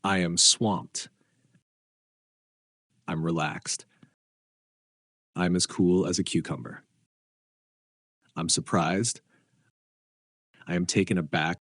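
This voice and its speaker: A man reading short English practice phrases one by one, with an even, deliberate delivery. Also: low-pitched, dry recording, clean studio sound. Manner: slow, evenly spaced, deliberate delivery.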